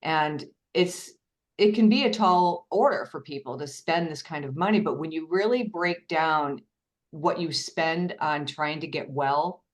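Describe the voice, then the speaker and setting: A woman's voice: deep voice, measured pace. A woman casually sharing her story as a guest, chatty and self-deprecating. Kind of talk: casual chat.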